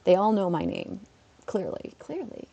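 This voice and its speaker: A woman's voice: mid-range voice, huge pitch swings, normal speed, creaky, mellow, muffled recording. A woman, a schoolteacher, chatting casually on a live stream while playing, laughing often and talking back to her chat. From Canada.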